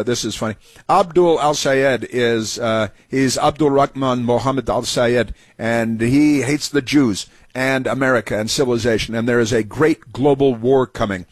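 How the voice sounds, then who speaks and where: Man, talk radio host, sarcastic, rambling, husky voice, dry close mic. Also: medium pitch, no echo. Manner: rambling, sarcastic, many fillers and restarts. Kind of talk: opinionated talk radio monologue.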